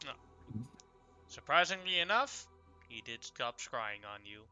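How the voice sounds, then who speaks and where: A man as game master, calm and a little hesitant as he runs a tabletop game. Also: medium pitch, a little slow, faint music behind.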